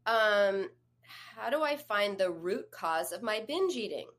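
Woman coach, mid-pitched voice, chatty advice talk that speaks straight to the listener. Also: expressive, a little slow, a bit bright. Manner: conversational, addresses listener directly with questions. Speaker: eating disorder therapist and coach.

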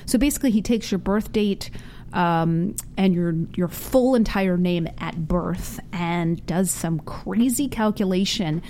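A woman co-hosting a talk show, chatty and quick to laugh, reading a guest introduction. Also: fairly low pitch, warm tone, slight background noise. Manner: chatty, laughs easily, restarts. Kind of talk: casual chat and read introduction.

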